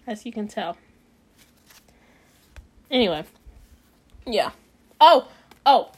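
A woman's voice: a little high, lively intonation, slow, husky. Rambling woman reading a bedtime story. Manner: rambling, drifts off topic, frequent "like" fillers. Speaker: podcast host.

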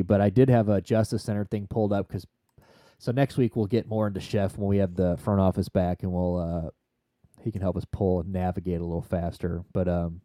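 A man co-hosting a podcast in casual chat, rambling and swearing freely with excited tangents. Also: on the low side, dry recording, clean studio sound. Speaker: podcast co-host.

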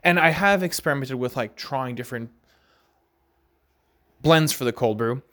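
Just a guy rambling on his podcast, middle-pitched voice, super relaxed, says like and right a lot. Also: normal speed. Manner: rambling, filler-heavy, frequent "like" and "right?"; relaxed, laughs now and then. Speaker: podcast host. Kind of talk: casual solo chat.

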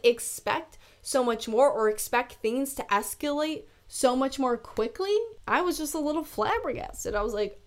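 A woman in her twenties hosting a casual solo podcast from her room, rambling and laughing, with "like" in almost every sentence. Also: on the high side. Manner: chatty, rambling, laughs a lot, says "like" constantly. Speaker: podcast host. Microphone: camera mic on her desk.

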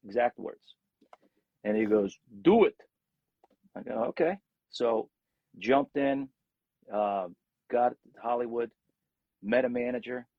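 A man's voice: mid-range voice, slow pace, vocal fry, pauses often, no echo, narrow, tinny audio. A middle-aged man, a rock singer, telling stories from his career in a casual interview and acting out the voices of people in them. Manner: animated storyteller, acts out quotes.

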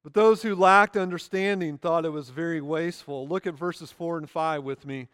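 Male pastor, sermon, high voice, smooth and clear, dry close sound, earnest slow emphasis. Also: steady tone, fairly bright tone, no room sound, in a large hall. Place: church sanctuary.

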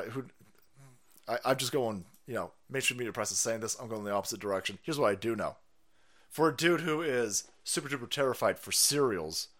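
A man's voice: mid-range voice, fairly bright tone. A man hosting a livestream, ranting crudely and mocking people, laughing often. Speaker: livestream host. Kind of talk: profane political rant stream.

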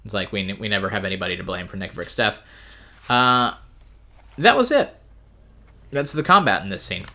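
A man's voice: low voice, fast, pushed and bright. A man co-hosting a casual book-discussion podcast, talking in a wry, rambling way with plenty of fillers. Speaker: podcast co-host.

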